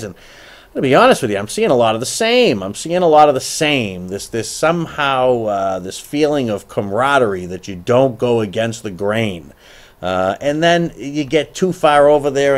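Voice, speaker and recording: A middle-aged man hosts a live political show and speaks his mind bluntly. He gets animated, stumbles into restarts and repeats himself for emphasis. His voice sits at an ordinary male pitch. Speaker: show host. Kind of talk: live political call-in talk.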